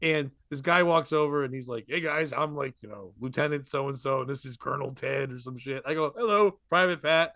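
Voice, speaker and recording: A man's voice: medium pitch, dry recording, clean studio sound. A man telling a long rambling comedy story in casual podcast chat. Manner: rambling, animated, quick asides and laughs.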